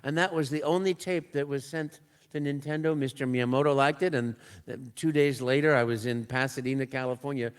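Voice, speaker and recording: An older man, a voice actor, telling a lively story on a convention panel and acting out quotes and sound effects. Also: mid-range voice, fairly quick, clean tone, big-room sound. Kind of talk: anecdotal storytelling.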